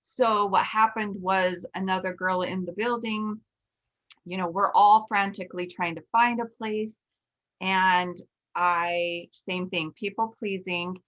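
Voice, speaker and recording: A woman's voice: mid-range voice, takes it slowly, dull audio. A woman in her forties hosting a podcast, telling a story candidly and quoting her own thoughts aloud. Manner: candid, animated retelling with quoted self-talk. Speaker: podcast host, nail instructor. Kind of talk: casual storytelling chat.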